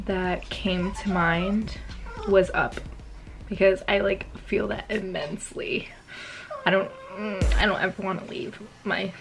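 A woman's voice: mid-range voice, vocal fry. A young woman vlogging casually while she eats, chatty and gushing, with lots of ums and likes. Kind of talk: casual vlog chat while eating.

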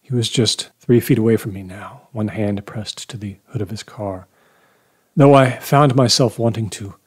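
A man reading first-person horror fiction aloud in a measured, low-key way, often dropping to near-whispers. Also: darkish tone, husky. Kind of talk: first-person story narration.

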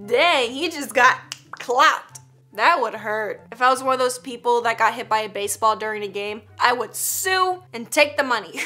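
A woman's voice: on the high side, sharp tone. A woman hosting a casual reaction video, joking and teasing with frequent giggles. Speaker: YouTube reaction host.

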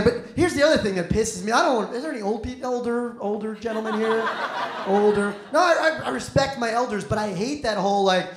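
A young man rambles through a stand-up set, mocking himself and swearing freely. His voice sits at a middling pitch, and the roomy club echo carries every line. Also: fast talker, background noise. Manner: self-deprecating, rambling, profane. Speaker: stand-up comedian. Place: comedy club stage. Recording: echoey comedy club room.

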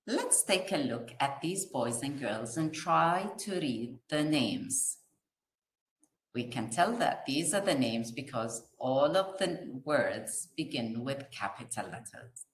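A woman teaching a kindergarten phonics lesson, sounding out letters and words slowly in a sing-song way for small children. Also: extremely low pitch, animated, reverberant, slight background noise.

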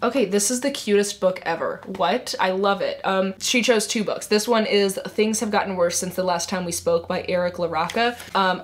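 A woman in her twenties chatting casually as a book vlogger, gushing and filling her talk with "like" and "um". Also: mid-range voice. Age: 20s. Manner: chatty, gushing, many "like" and "um" fillers. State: emotional, tearing up. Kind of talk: casual book haul chat.

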